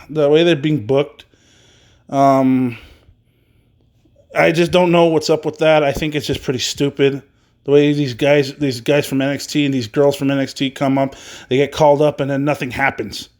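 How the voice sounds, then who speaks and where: Rambling man hosting a wrestling podcast. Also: on the high side. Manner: rambling, loose, swears casually, many fillers. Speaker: podcast host. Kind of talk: casual wrestling news podcast.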